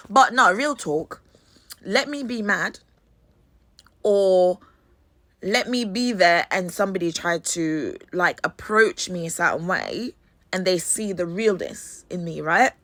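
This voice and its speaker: A young woman from Jamaica with a Jamaican London accent tells embarrassing stories in an animated, profane way. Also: medium pitch, unhurried, no room sound. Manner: animated, swears freely. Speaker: host. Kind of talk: storytelling monologue.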